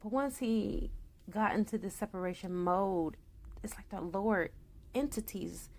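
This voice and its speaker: A woman reading tarot for her viewers, a naturopath who talks in an excitable, chatty way straight to the audience and slips into a solemn tone for invocations. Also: lowish voice. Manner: solemn invocation voice when calling spirits.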